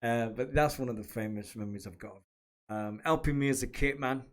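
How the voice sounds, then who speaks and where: Man, rambling chat, mid-pitched voice, fond reminiscing monologue. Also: fairly quick. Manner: rambling, chatty, with many restarts. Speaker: podcast host and former kit man.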